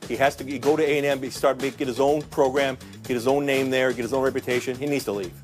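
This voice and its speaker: A male sports panelist delivers blunt opinions and pokes fun at his own gaps in knowledge. He speaks quickly over faint background music. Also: medium pitch, steady tone. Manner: blunt, self-deprecating. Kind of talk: sports debate commentary.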